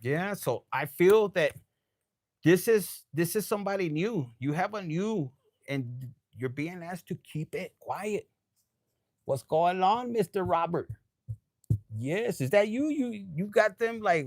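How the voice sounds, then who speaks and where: Tipsy guy doing a live tarot read, gravelly voice, kinda high, dry close sound. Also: lively intonation, a little slow, no echo. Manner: loose, profane, mixes Spanish phrases. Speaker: tarot reader. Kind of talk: casual live tarot reading.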